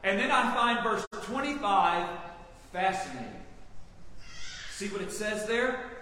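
High-voiced pastor in an echoey hall. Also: male voice, a little slow, pushed and bright. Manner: asks the congregation rhetorical questions. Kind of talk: expository sermon. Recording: echoey hall from far off, faint hiss.

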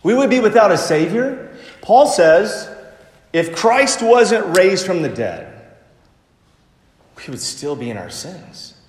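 Male pastor, slightly high voice, slow deliberate sermon, echoey sanctuary. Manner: slow, emphatic preaching with lively swings between loud and soft.

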